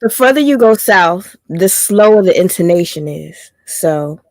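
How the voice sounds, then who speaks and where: A woman in casual chat, relaxed and quick to laugh between remarks. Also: fairly low pitch, no room sound. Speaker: chat participant.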